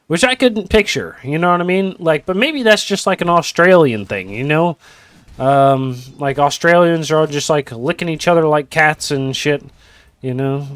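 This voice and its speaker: A man's voice: fairly high pitch, normal speed, a bit bright, clear, resonant tone, no echo. A man casting a video game match in a casual, rambling way with joking asides. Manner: rambling, joking asides, lots of "you know". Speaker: esports caster.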